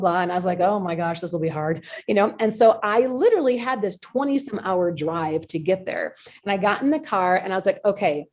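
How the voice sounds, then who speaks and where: A woman hosting a podcast talks through a personal story in a chatty, lively way. She acts out her own past reactions as she goes, and her voice sits at a middle pitch. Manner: chatty, with frequent fillers and laughs. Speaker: podcast host. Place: community call or podcast recording.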